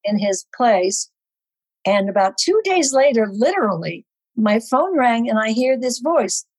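A woman in her eighties, a guest on a talk show, telling a story from her past with wry, lively asides. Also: fairly high pitch, a little slow, no echo, low-quality recording. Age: 80s. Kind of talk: casual storytelling chat.

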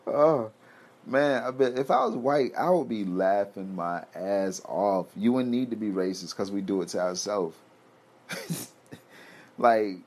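A man's voice: lowish voice, a little mellow. A young man from the United States delivering a heated, profane ranting monologue, repeating himself as he builds.

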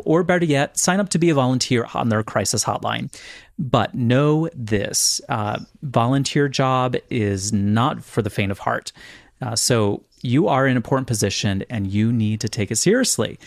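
A man co-hosting a podcast, chatty and quick to laugh, earnest when giving announcements. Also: medium pitch, creaky, no echo, clean studio sound. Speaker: podcast co-host. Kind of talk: casual podcast chat.

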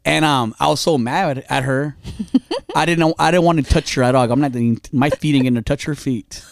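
A young man with a somewhat high voice tells a long, meandering story on a casual podcast. He acts out both sides of a squabble and breaks into laughter often. The sound is close and dry, with no room around it. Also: fairly quick, creaky, dry recording. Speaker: podcast co-host. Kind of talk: casual chat.

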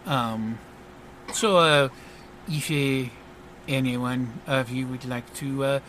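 Guy doing a smug french superhero, bright pushy voice, lots of uhs and theatrical swagger. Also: mid-range voice, takes it slowly, a little hiss or hum, voice pushed down. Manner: smug, theatrical, full of hesitations. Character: flamboyant pompous male superhero with French flourishes. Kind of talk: tabletop role-play voice acting.

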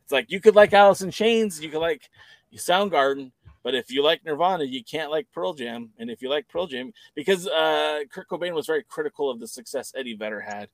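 A man co-hosts a podcast in casual chat, his voice on the high side, expressive and fairly quick with no echo. He rambles and gives his opinions freely, often correcting himself mid-sentence.

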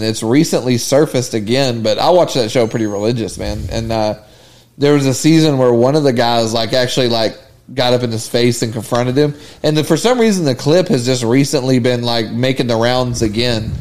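A man's voice: mid-range voice, a little mellow. A man co-hosting a podcast in casual chat, laughing often and retelling a TV clip with acted-out quotes. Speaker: podcast co-host.

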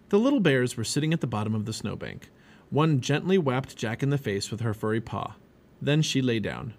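A man reading a children's chapter book aloud as a parent, animated and expressive. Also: medium pitch. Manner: animated, expressive reading with many character voices. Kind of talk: storybook read-aloud.

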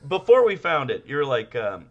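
Animated laughing man on a podcast. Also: fairly quick, muffled recording. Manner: laughs often, bursts into loud high impressions. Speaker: podcast co-host. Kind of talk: casual podcast chat.

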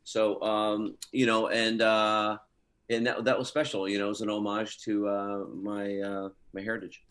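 A man's voice: on the low side, level tone, moderate pace, fairly bright tone. A man, an actor, chatting in an interview and rambling through stories with lots of fillers. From Scottish heritage through his parents. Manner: rambling storytelling, many fillers. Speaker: actor guest. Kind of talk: casual interview chat.

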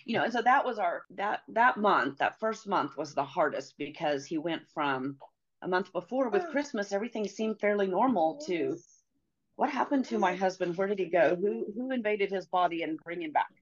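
A middle-aged woman telling a personal story as a guest, earnest and halting, with many pauses and fillers. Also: on the low side, lively intonation, dull audio.

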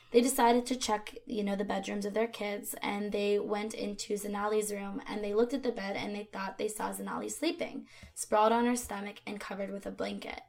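A woman with a gravelly, fry-laden voice narrates a true crime case for a podcast. She talks in a conversational way, with frequent fillers and asides to her co-host, at a middling pitch.

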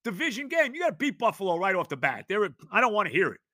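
An older man rants on his sports podcast, his high voice swooping wildly as he shouts and repeats himself in exasperation. The tone is sharp and forceful, and the recording is close and dry. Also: very animated, quick pace, no room sound. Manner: loud, exasperated ranting with shouted repetitions. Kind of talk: sports talk rant.

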